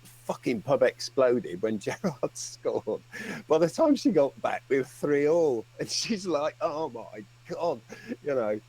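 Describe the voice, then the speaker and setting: A man's voice: mid-range voice, very animated, measured pace, a little mellow, slightly rough, poor audio. A man telling a long, rambling story on a fan livestream, swearing and laughing as he goes. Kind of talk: casual storytelling.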